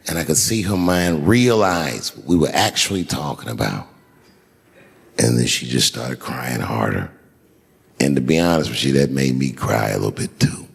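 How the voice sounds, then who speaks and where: A man doing stand-up storytelling on stage into a handheld microphone, swinging from hushed asides to shouted punchlines. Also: a bass voice, animated, moderate pace, vocal fry, husky, big-room sound. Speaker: stand-up comedian. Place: live show on stage before a large audience.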